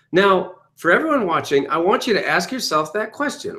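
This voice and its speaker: A man, a self-help author, telling his story in an interview with lively acted-out quotes. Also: high voice, moderate pace, hardly any pauses. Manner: enthusiastic, quotes himself and audiences in lively asides.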